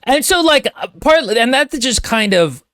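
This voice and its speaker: A man's voice: extremely high pitch, big pitch swings, moderate pace, fairly bright tone, no echo, clean studio sound. A man co-hosting a book podcast in casual chat, wry and joking, rambling with fillers. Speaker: podcast co-host.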